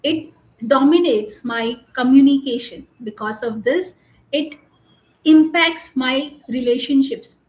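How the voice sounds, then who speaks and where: High-voiced woman coach talking through feelings, earnest, lots of restarts, roomy echo. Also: darkish tone. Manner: earnest, explains slowly with restarts and pauses. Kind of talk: live talk on emotional regulation.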